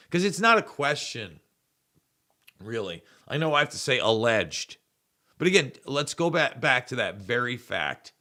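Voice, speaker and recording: A man's voice: mid-range voice, bright, forceful tone. A man hosting a political commentary show, rambling and sarcastic, often stumbling and repeating words. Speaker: host.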